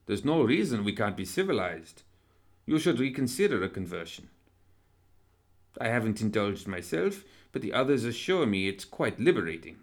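A man voicing a genteel, pompous male professor who teaches undeath and operates as a surgeon, speaking in a courtly, excitable manner. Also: medium pitch, close to an everyday voice. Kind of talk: audiobook character reading.

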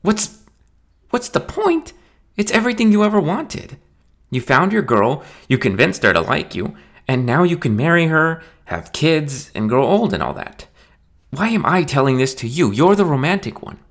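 An anxious young best man, as a male narrator puts him on, coaxing and pleading in a voice pushed well above the reader's own. He talks earnestly and urgently, climbing higher as he begs his friend. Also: very animated, moderate pace. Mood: exasperated.

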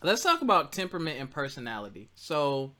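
A man's voice: a little high, huge pitch swings, brisk, sharp tone. A young man hosting a casual podcast chat, joking and laughing often. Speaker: podcast host.

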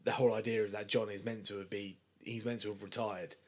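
Low-voiced man chatting about films. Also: little pitch movement, fast talker, a little mellow. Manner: enthusiastic, chatty, swears casually. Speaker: podcast co-host. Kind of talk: casual film discussion.

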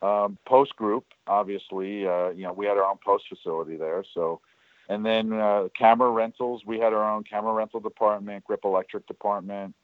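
A man's voice: lowish voice, fairly even intonation, fairly quick, no room sound. A man telling stories as an interview guest about his years working at a studio, rambling with many fillers and restarts. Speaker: guest, former studio worker. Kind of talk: casual storytelling interview. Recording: tinny phone-like line.

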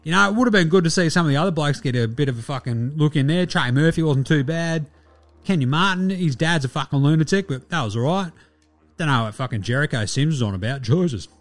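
A man voicing a brash, boastful, foul-mouthed male Australian basketballer in a comedic character bit, loud and crude. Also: a little high, animated, quick pace, lightly acted.

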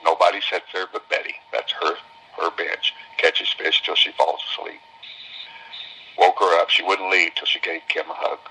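A man with a deep voice spins homespun stories for a group of visitors. His tone is husky and rough around the edges, yet bright and forceful. He often says things twice to drive them home. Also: level tone, normal speed, poor audio. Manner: homespun, repeats phrases for emphasis. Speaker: business owner speaking to visitors. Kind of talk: folksy storytelling talk.

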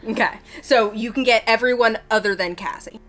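A woman running a tabletop game as game master, narrating in a relaxed, chatty way with lots of fillers. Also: on the high side, fairly quick.

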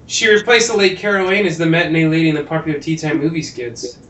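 A podcast co-host with a fairly high, slightly bright voice talks fast, chatting casually about a movie. He reads trivia aloud and tosses in jokey asides, recorded with a roomy echo.

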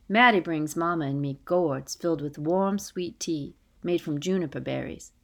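Gentle woman narrating a storybook. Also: sits low, moderate pace, gravelly, hardly any pauses. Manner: gentle, dialect-inflected storytelling with quiet hushed passages. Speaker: audiobook narrator. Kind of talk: scripted storybook narration in first person.

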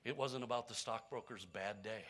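A pastor preaching a sermon to his church, telling a story with big swings from quiet, hushed lines to loud, raised ones. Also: fairly low pitch, brisk, a little hiss or hum.

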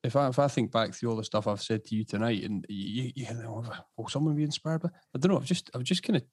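A man with a middle-pitched voice talks through an interview as a lively storyteller, swinging up high when he quotes people. The sound is dry and close, with no room around it. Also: quick pace, breathy edge, no echo. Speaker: podcast guest. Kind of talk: casual interview chat.

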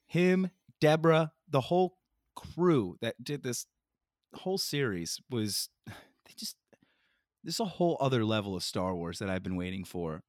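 A man in casual podcast chat, gushing with excitement and full of fillers. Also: medium pitch, dry recording, studio quality.

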